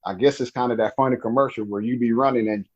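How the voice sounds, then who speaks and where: A man from Louisiana telling about a night encounter in an interview, halting and restarting as he acts out the dialogue. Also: mid-range voice, fairly even intonation, husky, lo-fi sound. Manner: slow, halting storytelling with restarts and acted-out dialogue. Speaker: guest telling an encounter story. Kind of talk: storytelling interview.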